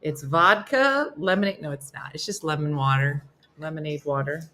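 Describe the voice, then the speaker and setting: Chatty, bright-voiced woman host. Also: sits low, moderate pace, slight background noise. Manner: chatty and jokey, talks to her dogs and to commenters. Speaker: host of a morning live stream. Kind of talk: casual live-stream chat reading viewer comments.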